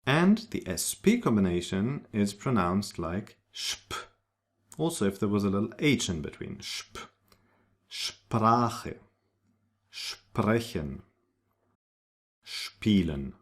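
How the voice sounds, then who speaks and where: A man's voice: lowish voice, big pitch swings, moderate pace. A man teaching a pronunciation lesson, spelling out sounds and carefully repeating example words. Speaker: language teacher. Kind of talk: slow, deliberate pronunciation lesson.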